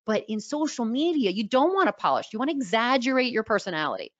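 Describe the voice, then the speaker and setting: A middle-aged woman from New York with a slightly raspy voice and a New York accent, coaching a webinar audience with lively energy and repeated key words. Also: fairly high pitch, quick pace, no echo. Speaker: social media coach. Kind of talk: webinar teaching. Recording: dull, dry sound.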